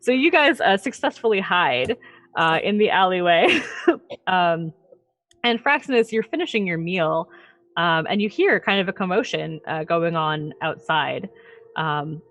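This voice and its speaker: A woman's voice: fairly low pitch, lively intonation, a little slow, fairly bright tone. A woman narrating a tabletop game as game master, chatty with many fillers and laughs.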